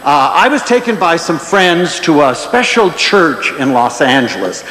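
A man giving an inspirational lecture, telling anecdotes in an expressive storytelling manner. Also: a little high, measured pace. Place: large lecture hall with an audience. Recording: echoey hall with long reverb.

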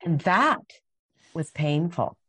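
A woman's voice: sits low, animated, takes it slowly, a bit bright, breathy edge, dry recording. A middle-aged woman speaking passionately as a guest on a faith interview, acting out her own prayers and quotes. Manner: impassioned, dramatic acted-out quotes.

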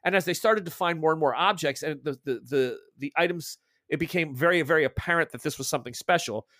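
Rambling higher-voiced male game master. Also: fast, a bit bright, no room sound, studio quality. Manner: rambling, full of restarts and asides. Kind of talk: narrating a tabletop horror game.

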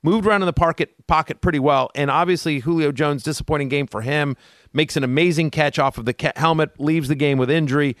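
A man's voice: fairly high pitch, fast talker, no room sound, clean studio sound. Man co-hosting a fantasy football podcast. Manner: conversational, hedging with fillers. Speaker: podcast co-host.

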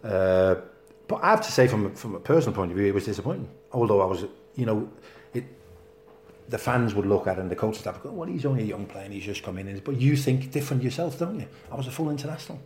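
A man's voice: mid-range voice, quick pace, a little hiss or hum. A man in his sixties from Denmark, speaking with a Danish accent tinged by Liverpool, telling football stories as an interview guest and acting out quotes. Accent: Danish with a Liverpool lilt. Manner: animated, acts out quotes. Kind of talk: anecdotal interview storytelling. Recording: roomy echo.

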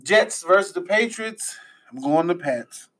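A man's voice: sits high, lively intonation, measured pace, a bit bright, rough recording. A man from the Washington DC area hosting a loose, profane sports chat, often trailing off mid-sentence.

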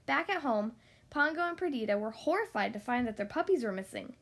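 A woman reading a children's storybook aloud in a gentle, expressive manner. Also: on the high side, fairly quick.

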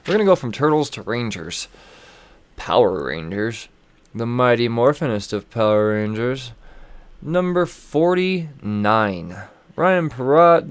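A comic book podcast host, a man with a medium-pitched, clean voice and no room sound, chats loosely about comics in a casual review on his own show. He's over-caffeinated late at night, rambling, profane, and chuckling through loose asides, and the recording is close and dry.

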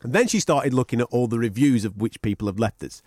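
A man's voice: medium pitch, lively intonation, fast talker, darkish tone, no room sound, studio quality. A man co-hosting a podcast in casual, sweary banter, often laughing. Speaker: podcast co-host.

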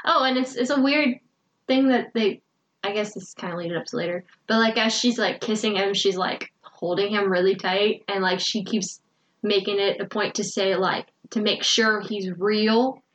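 A woman's voice: mid-range voice, normal speed, fairly bright tone, a little hiss or hum. A woman co-hosting a casual podcast, retelling a book's plot in a chatty way with lots of fillers and quoted lines. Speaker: podcast co-host recapping a book. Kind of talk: casual chat.

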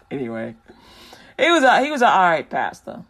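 A man's voice: sits high, wildly swooping pitch, moderate pace, fairly bright tone. A man hosting a Christian radio show, talking in a loose, slangy, rambling way and preaching casually to listeners.

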